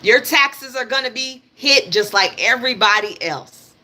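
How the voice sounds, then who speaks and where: A woman hosting a live stream offers blunt, emphatic political commentary, repeating her points, swearing freely and speaking directly to her audience. Her voice is on the high side, bright and forceful, with lively intonation at normal speed.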